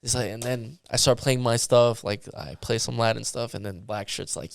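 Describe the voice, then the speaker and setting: A man from Canada, a musician guest, telling a story in casual chat, animated and full of "like". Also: mid-range voice, moderate pace, few pauses, clean tone. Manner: animated, filler-heavy with lots of "like".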